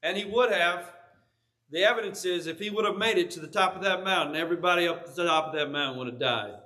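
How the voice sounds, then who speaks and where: A pastor retelling a story in a folksy, animated sermon style. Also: male voice, high voice, quick pace.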